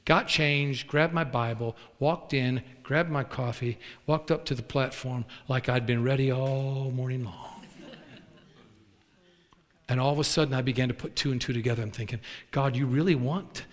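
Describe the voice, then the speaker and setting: A man preaching, telling folksy stories with lively acted quotes. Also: mid-range voice, normal speed, big-room sound. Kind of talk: storytelling sermon.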